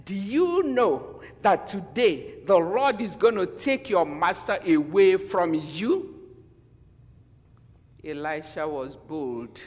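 Man, preacher, high voice, slow unhurried delivery, animated sermon, questions to the congregation, long church reverb. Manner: animated, acts out quotes in different voices.

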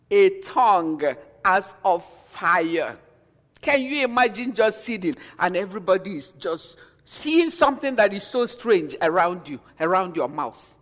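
Man, pastor preaching, slow deliberate delivery, long church reverb. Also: high voice, sing-song. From Nigeria. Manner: storytelling, swings between hushed and emphatic. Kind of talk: sermon.

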